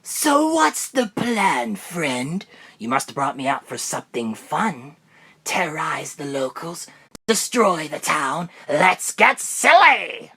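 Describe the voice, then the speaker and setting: A young man doing an impression of an evil ventriloquist dummy during a live phone stream, in a low, mocking put-on voice. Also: big pitch swings, takes it slowly, bright, forceful tone, husky, heavily acted. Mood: gleeful menace. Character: sinister male ventriloquist dummy, gleefully evil.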